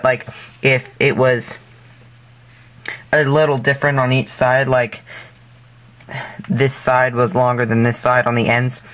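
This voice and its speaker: A craft tutorial host of ordinary pitch and fairly bright tone walks through a project step by step, loose and casual. He rambles, corrects himself mid-sentence and leans on fillers. Now and then he drops in goofy, self-deprecating jokes.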